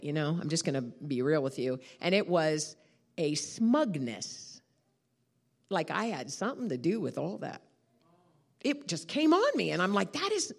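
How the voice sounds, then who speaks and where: A middle-aged woman preaching a sermon as a guest speaker, telling stories with laughter and exclamations. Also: deep voice. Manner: animated storytelling, laughing and shouting.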